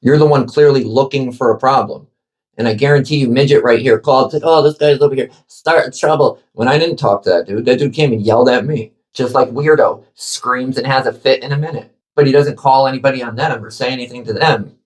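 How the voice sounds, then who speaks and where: A man's voice: mid-range voice, fairly quick. A man filming outside on a public sidewalk, arguing and mocking people in a combative, sarcastic way, and narrating over his own footage. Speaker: camera-carrying activist filming a courthouse. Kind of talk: narrated video commentary and street confrontation. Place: outdoors on a public sidewalk by a street.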